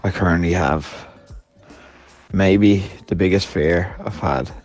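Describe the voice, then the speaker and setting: A man's voice: deep voice, slow pace, darkish tone, muffled recording, soft background music. A hungover man telling a friend a story in a voice note, laughing often and swearing as he rambles. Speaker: podcast host.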